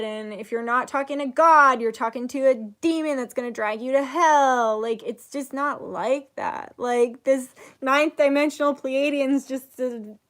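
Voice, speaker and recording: A young woman chatting casually on her vlog, rambling with lots of "like", rising to loud, emotional bursts. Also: high-pitched. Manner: rambling, says "like" a lot, gets loud and emotional while retelling. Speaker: spiritual vlogger. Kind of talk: casual chat.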